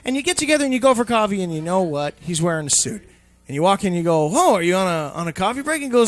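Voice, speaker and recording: A young man hosting an internet radio show, delivering a profane, shouting live rant. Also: high voice, animated, fast. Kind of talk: ranting live radio talk.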